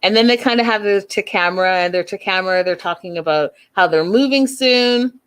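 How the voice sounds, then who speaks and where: A woman hosting a casual reality TV recap, chatty and animated, acting out the people she quotes. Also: medium pitch, a little fast, clean tone. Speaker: show recap host.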